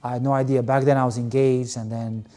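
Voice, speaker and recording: Dark-voiced man, candid and rambling. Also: medium pitch, little pitch movement, fast talker. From Albania. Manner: candid and rambling, heavy fillers. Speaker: guest, volleyball player. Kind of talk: emotional personal storytelling.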